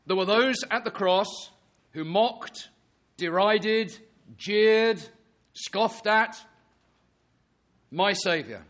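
A man's voice: sits high, animated, very slow, long pauses, fairly bright tone. A man preaching an earnest sermon, reading scripture and pressing his listeners with emphatic rhetorical questions.

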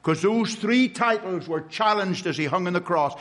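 A man preaching a sermon to a congregation, stressing words slowly and asking rhetorical questions. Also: high-pitched, a bit bright. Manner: emphatic, with slow drawn-out stresses and rhetorical questions.

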